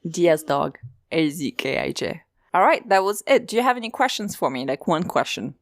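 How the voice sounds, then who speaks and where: A woman's voice: on the low side, expressive, normal speed, no echo, studio quality. A woman podcast host with a slight French accent, chatting casually and laughing easily while recording at home.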